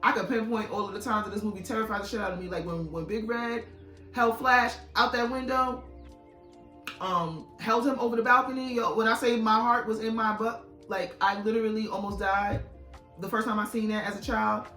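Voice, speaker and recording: A woman's voice: fairly high pitch, fairly even intonation, fairly quick, bright, forceful tone, far from the mic. A chatty, casual woman vlogging about her movie collection, swearing freely and rambling. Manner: chatty, swears casually, self-described yapper. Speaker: YouTuber reviewing her DVD haul. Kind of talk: casual vlog chat. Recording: echoey room, a bit off-mic, faint music.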